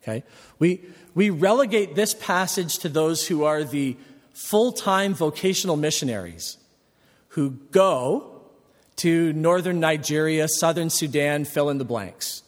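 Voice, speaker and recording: A man preaching a sermon as a pastor, animated and climbing to emphatic peaks as he explains his point. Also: a little high, unhurried. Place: church sanctuary. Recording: long reverb of a church hall.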